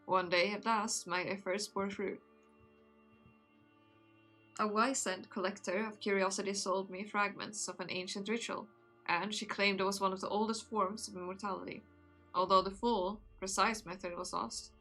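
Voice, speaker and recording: A woman reading aloud the lines of a rueful young nobleman who became a vampire, in a measured, somber way in her own voice. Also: medium pitch, level tone, pushed and bright, soft background music. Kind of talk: reading a visual novel aloud.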